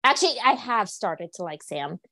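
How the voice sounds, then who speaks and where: A woman's voice: mid-range voice, moderate pace, dry recording. Chatty woman podcaster, dry close sound. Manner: chatty, giggly, animated retelling. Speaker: podcast co-host. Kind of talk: casual chat.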